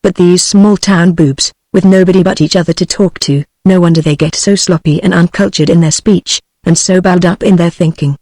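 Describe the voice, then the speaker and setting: Boastful middle-aged businessman guy, read by a computer british lady voice, flat and dry. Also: on the low side, normal speed, few pauses, dry recording. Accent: British English. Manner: flat synthetic delivery of dialogue.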